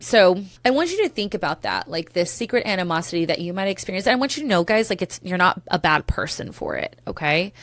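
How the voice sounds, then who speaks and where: Recorded dry, a medium-pitched woman in her thirties hosts her own solo podcast. She's candid and emotional, swears in a casual way, and tends to stray into tangents.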